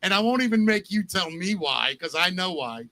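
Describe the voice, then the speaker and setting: A man hosting a podcast, joking and animated in casual banter. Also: high-pitched, moderate pace. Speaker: podcast host.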